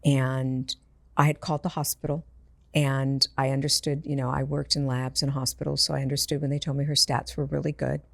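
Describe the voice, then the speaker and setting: A woman's voice: extremely low pitch, flat delivery, a little fast, gravelly, dry recording. A woman, an intuitive medium, telling personal stories in a conversation and acting out the voices of the people in them. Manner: earnest, acts out quoted voices in her stories. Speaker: intuitive medium, podcast guest.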